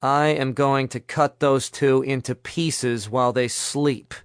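A man's voice: on the high side, normal speed, dry recording, close to an everyday voice. Sarcastic young man, grumbling, contrary, narrator voicing him, storybook, dry close sound. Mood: sardonic. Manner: sardonic, complaining.

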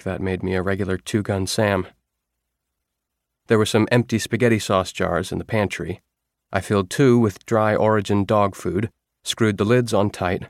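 A man reading a first-person story aloud in a measured, wry storytelling manner. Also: lowish voice, no room sound, clean studio sound. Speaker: audiobook narrator. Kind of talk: scripted first-person narration.

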